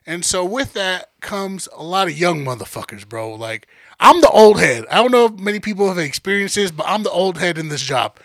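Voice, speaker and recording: A man in his forties rants through casual podcast banter, profane and sardonic. His voice sits high and bright with a gravelly rasp, swinging up and down as he complains, recorded close and dry. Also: sing-song, a little fast, dry recording. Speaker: podcast co-host.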